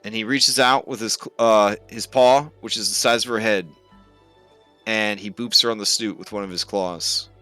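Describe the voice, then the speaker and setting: A man narrating a tabletop game as game master, describing the scene with lively detail. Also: on the low side, normal speed, soft background music.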